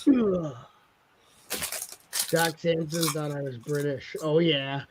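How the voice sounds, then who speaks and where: A man's voice: a little high, fairly even intonation, slow, background noise. A man hosting a live stream, joking around in casual banter and laughing a lot. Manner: jokey, laughs a lot, slips into mock accents. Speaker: stream host.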